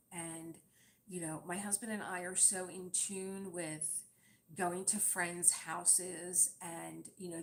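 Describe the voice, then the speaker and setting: A woman's voice: mid-range voice, creaky, slight background noise. A woman chatting casually and at length as she works on a craft project during her livestream, rambling and laughing often. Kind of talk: casual chat while crafting.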